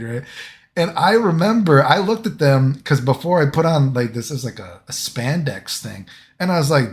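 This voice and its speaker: A man's voice: medium pitch, big pitch swings, fast. A young man casually telling a long story, rambling and swearing, tagging lines with "right?" and "dude".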